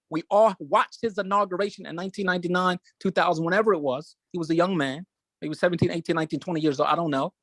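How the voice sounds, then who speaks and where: A man's voice: sits high, a bit bright, no echo. A man hosting a show, speaking emotionally and emphatically in a preaching cadence, repeating his phrases for weight. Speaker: show host. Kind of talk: impassioned commentary.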